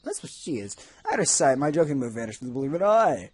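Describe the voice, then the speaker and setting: A man's voice: mid-range voice, big pitch swings, fast, darkish tone, husky, no echo. A man reviewing a video game, reading its text aloud and breaking off into sarcastic, jokey asides. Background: faint game music.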